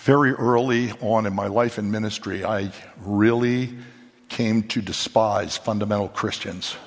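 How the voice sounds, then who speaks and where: A male pastor preaching a sermon in an animated, conversational way, full of rhetorical questions. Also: on the low side, measured pace, long reverb tail. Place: church sanctuary.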